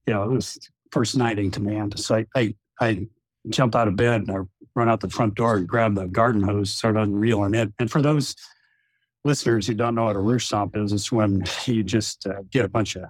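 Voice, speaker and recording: A man's voice: on the low side, normal speed, dry recording. Chuckling man telling a war story. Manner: chuckling, relaxed anecdote telling. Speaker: retired general, former wing commander. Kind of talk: storytelling in podcast chat.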